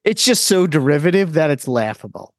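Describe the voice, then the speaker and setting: A man's voice: on the high side, very animated, a little fast, dry recording, clean studio sound. A man co-hosting a podcast who makes sarcastic, jokey remarks in casual chat. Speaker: podcast co-host.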